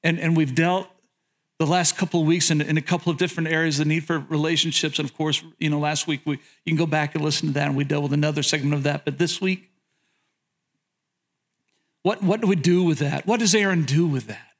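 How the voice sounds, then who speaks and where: Male pastor, sermon, high voice, animated, humorous storytelling, repeats words, asks the audience questions. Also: brisk. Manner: frequent word repetitions.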